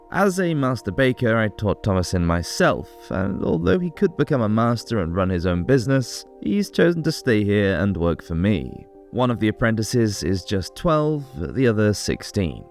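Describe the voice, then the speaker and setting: A man reading aloud in his own voice as a prosperous medieval Parisian master baker, calmly telling of his trade with pride. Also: lowish voice, normal speed, few pauses, faint music behind. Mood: proud. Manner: calm first-person storytelling, proud of his trade.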